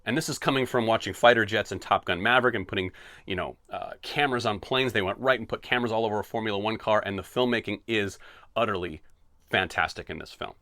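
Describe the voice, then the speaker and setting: A man hosting a solo podcast, talking in an animated, sarcastic, tongue-in-cheek way. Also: on the low side, fast, dry recording. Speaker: podcast host. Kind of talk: opinionated solo podcast rant.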